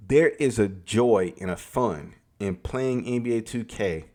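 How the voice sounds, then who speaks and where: Man, gaming rant, emphatic and repetitive, swears freely, lowish voice. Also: unhurried, a little mellow. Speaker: gaming commentator.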